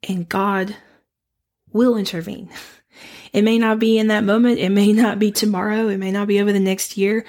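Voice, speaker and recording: A young woman hosting a devotional podcast, earnest and reflective, her voice slightly raspy and nasal as she recovers from the flu. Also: medium pitch. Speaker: podcast host.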